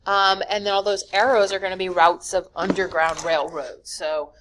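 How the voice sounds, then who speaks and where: A woman's voice: fairly low pitch, flat delivery, normal speed, noisy background. Casual woman teaching a history lecture. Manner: casual, many "um"s, corrects her own slips. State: yawning, sleepy. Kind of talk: recorded slideshow lecture.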